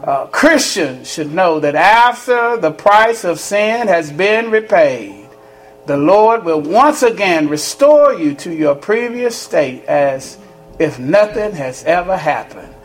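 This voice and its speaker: A male pastor preaching a sermon, shouting and repeating calls to the congregation, which answers him. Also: sits high, expressive, slow. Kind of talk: sermon with call-and-response. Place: church sanctuary. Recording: echoey church with congregation. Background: congregation calling back.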